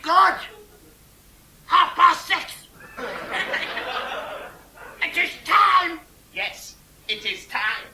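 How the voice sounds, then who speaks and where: An actor playing a weary old man in a live absurdist sketch, declaiming and shouting his lines slowly. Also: very high-pitched, big pitch swings, heavily acted. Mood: declamatory. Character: weary absurdist old men waiting for time. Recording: echoey live club tape.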